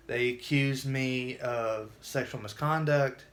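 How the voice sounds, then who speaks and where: A man's voice: medium pitch, fairly even intonation, slow. A man telling his own story in a casual vlog, earnest and emotional, often restarting his sentences.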